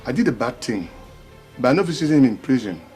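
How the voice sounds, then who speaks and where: A man's voice: mid-range voice, sing-song, fast talker, a little mellow, faint music behind, lightly acted. An actor playing a remorseful father who pleads with his grown children, speaking with sudden emotional outbursts.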